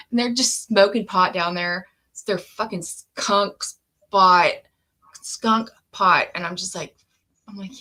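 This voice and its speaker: Casual co-host woman; lower pitch, animated storyteller who laughs as she talks. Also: takes it slowly. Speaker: co-host, tarot reader.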